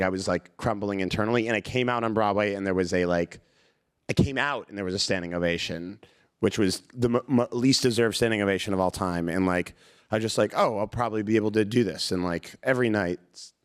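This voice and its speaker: A man's voice: medium pitch, clean tone. A man, an actor being interviewed, telling a rambling anecdote full of "like". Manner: rambling, animated, lots of "like". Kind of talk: casual anecdote.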